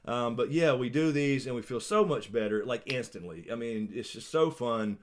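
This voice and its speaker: A man's voice: medium pitch, animated, moderate pace. A man with a Southern American accent hosting a casual livestream chat, rambling, laughing often and full of fillers and restarts. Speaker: YouTube channel host.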